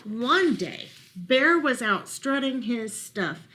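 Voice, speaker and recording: Librarian woman reading picture books to kids, expressive, unhurried. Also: fairly high pitch, a little hiss or hum. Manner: expressive, asks children questions about pictures. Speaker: children's librarian. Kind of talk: reading a picture book aloud to children.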